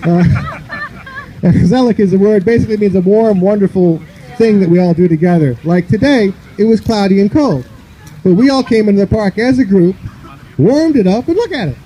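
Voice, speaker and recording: A male stand-up comedian with a high but dark, mellow voice rambles loosely through his set, leaning on "you know" between jokes. He performs outdoors in a park, with faint open-air noise around him. He grew up in the northern United States. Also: animated, a little fast, low-quality recording.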